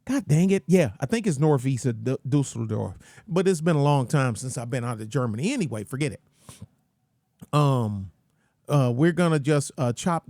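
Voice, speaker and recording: Male host, folksy and rambling, unhurried delivery with a dry, close sound. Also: mid-range voice, darkish tone, no echo. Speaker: channel host. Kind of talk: casual rant commentary.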